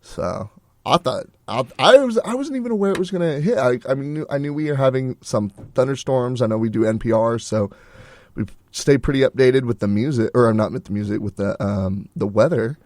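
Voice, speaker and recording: A man's voice: medium pitch, lively intonation, fairly quick, darkish tone, no echo. A young man co-hosting a college radio show in a studio, chatting in an easygoing, rambling way and laughing often. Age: young adult. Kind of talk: casual chat. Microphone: studio mic.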